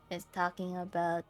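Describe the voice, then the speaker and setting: A woman from the Philippines with a Filipino accent, streaming games and chatting casually, often breaking into giggles as she tells stories. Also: on the low side. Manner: giggly storytelling, laughs often. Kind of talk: casual chat while gaming.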